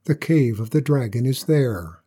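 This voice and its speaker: A man voicing a wise old court official, grave and measured, in a storybook reading. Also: mid-range voice, expressive, dark tone, husky.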